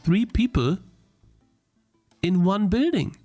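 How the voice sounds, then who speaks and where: A young man streams a game he's playing, giving live commentary in a warm, highish voice with big pitch swings at a slow pace. He thinks aloud, restarts his sentences and gets frustrated easily, with soft music playing behind him.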